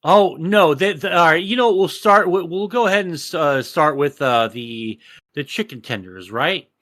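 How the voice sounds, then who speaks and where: A man's voice: on the high side, no echo. Profane Texan man ranting. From Texas. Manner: profane, animated ranting storyteller. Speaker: podcast co-host. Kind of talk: casual podcast chat.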